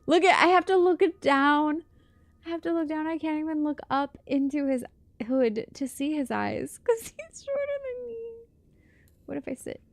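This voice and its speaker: Brief: young woman streamer, casual gaming chat, giggles often, slightly high, close mic. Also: expressive, normal speed, no room sound. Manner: giggly, chatty, reacting to chat.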